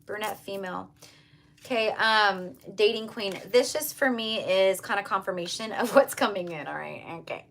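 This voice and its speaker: A woman's voice: medium pitch, normal speed, creaky, a bit bright, a little hiss or hum. Earnest woman giving a tarot reading. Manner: earnest, repetitive, emphatic, addresses viewers as you guys. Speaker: tarot reader. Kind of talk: casual channeled tarot reading to viewers.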